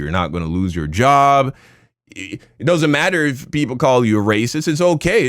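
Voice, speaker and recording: A man's voice: medium pitch, no room sound, clean studio sound. A man reacting to clips on a stream, talking bluntly and emphatically, with casual swearing.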